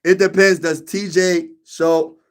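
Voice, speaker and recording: A young man from Pennsylvania hosting a casual sports talk stream, slangy and animated, repeating lines for emphasis. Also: sits high, slow pace, clear, resonant tone. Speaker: sports show host. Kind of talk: casual live-stream chat.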